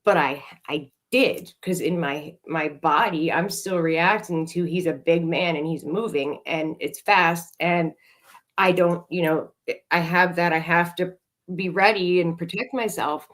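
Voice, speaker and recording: Woman podcast host, fairly low voice, blunt storyteller who swears and laughs a lot. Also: a little slow, fairly bright tone. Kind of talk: candid storytelling chat.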